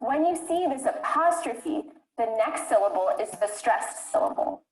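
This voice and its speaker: Woman teacher, kinda high voice, says words slow and clear, roomy echo. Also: lively intonation. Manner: clear, deliberate modeling of words. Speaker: English teacher. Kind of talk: scripted lesson narration. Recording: echoey room.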